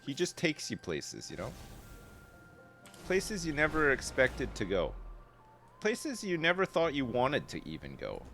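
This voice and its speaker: A man's voice: medium pitch, wildly swooping pitch, measured pace, pauses often, fairly bright tone, faint music behind. Rambling man chatting on a game stream. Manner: rambling, chatty, answers chat, swears casually. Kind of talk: casual live-stream chat while gaming. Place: home streaming setup.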